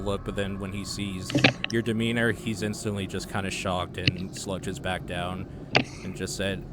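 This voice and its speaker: A man's voice: low voice, flat delivery, moderate pace, over loud music. A man running a tabletop role-playing game as game master, narrating casually with many fillers. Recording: noisy voice chat.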